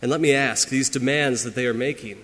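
A man's voice: mid-range voice, a little fast. Preaching man in a reverberant hall. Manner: earnest preaching, rising emphatic lines and dropping quiet asides. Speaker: pastor. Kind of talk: sermon.

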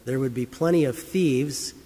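A man's voice: mid-range voice, moderate pace, mellow, slightly rough, in a large hall. A man preaching a sermon, reading scripture and telling a story in an earnest, emphatic way. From United States. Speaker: pastor.

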